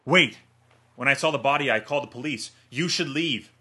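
A man's voice: medium pitch, drawn-out words, darkish tone, slightly rough, pitched above the performer's own voice. A man voicing a terrified man pleading at gunpoint, his voice hitching and stammering.

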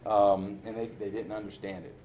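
A man's voice: fairly low pitch, little pitch movement, moderate pace, darkish tone, a little hiss or hum. A man sharing his recovery story in a candid testimony, telling it with self-mocking humor and frequent laughter. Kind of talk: personal testimony talk.

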